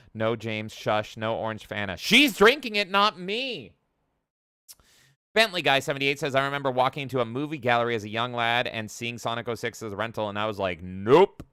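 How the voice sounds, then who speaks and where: Bright, crisp-voiced man reading chat. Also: on the low side, no room sound, clean studio sound. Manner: chatty, jokey, reads chat comments aloud. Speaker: podcast co-host. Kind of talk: casual chat, reading out live chat.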